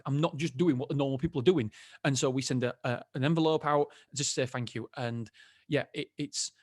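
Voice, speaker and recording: A man's voice: mid-range voice, dry recording, clean studio sound. A man hosting a solo podcast, talking casually in a candid, rambling way that keeps stopping and restarting. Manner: rambling, candid, self-interrupting with frequent restarts. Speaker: podcast host.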